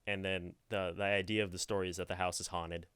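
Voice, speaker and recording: Chill guy cohosting a podcast, kinda low smooth voice, dry mic, trails off a lot. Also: level tone, quick pace, a bit bright, no room sound. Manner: laid-back, playful, trails off with "so". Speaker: podcast co-host. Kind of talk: casual podcast chat.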